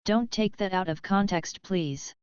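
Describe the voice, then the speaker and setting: A woman's voice: medium pitch, unhurried, darkish tone, smooth, dry recording, muffled recording. A woman livestreamer chatting casually and offhandedly with her viewers, cursing now and then.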